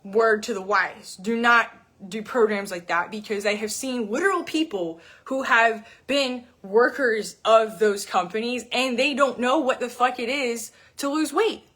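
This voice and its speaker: A woman's voice: on the high side, a little slow, few pauses, fairly bright tone. Profane, emphatic woman fitness coach. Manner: profane, emphatic, repeats words for stress. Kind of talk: blunt unscripted rant to camera.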